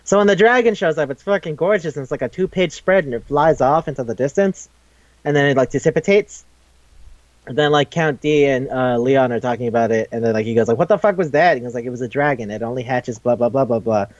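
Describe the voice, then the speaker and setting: Speaking briskly at medium pitch, this podcast co-host loosely retells a story, peppering it with "like" and free swearing while performing the quotes. The recording is muffled but echo-free.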